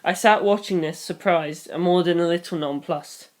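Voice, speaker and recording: Reader narrating a novel in first person. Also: medium pitch. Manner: brisk, with wry asides.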